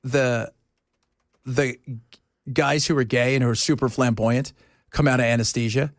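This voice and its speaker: A man's voice: mid-range voice, a little slow, no echo, studio quality. A man hosting a talk radio show, bantering casually and breaking into silly voices as he tells stories. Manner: animated storyteller, slips into silly voices and laughs.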